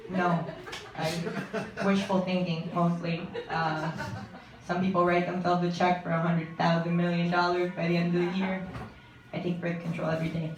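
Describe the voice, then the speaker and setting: A young woman doing stand-up comedy, trading deadpan lines and laughing at her own jokes. Her voice sounds distant and swims in heavy reverb. Constant room noise sits underneath. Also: lowish voice, normal speed, highs cut off. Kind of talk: stand-up set. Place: comedy stage with live audience. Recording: echoey live room from far off.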